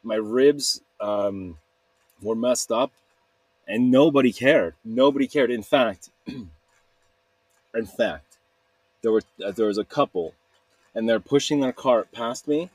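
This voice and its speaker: A man's voice: mid-range voice, slow, long pauses, a little mellow, no echo. Rambling man in a dry room. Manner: rambling, candid, laughs at himself. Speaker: video blogger. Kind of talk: casual confessional monologue.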